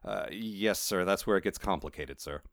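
A man's voice: low voice, moderate pace, a bit bright, no room sound, studio quality. A man reading aloud and voicing a nervous, fawning male talking cat who keeps calling someone sir. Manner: anxious, eager to please, keeps saying sir.

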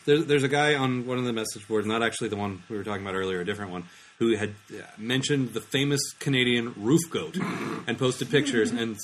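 A man's voice: medium pitch, a little fast, slight background noise. A man co-hosting a casual podcast, reading listener questions with wry, laughing asides. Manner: laughs often, wry, hesitant restarts. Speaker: podcast co-host. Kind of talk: casual chat.

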